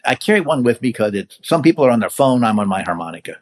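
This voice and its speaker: Older man telling lively stories. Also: medium pitch, fast. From California. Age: 70s. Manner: animated storyteller who acts out quoted voices. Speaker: guest, veteran hang glider pilot. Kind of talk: casual storytelling in an interview.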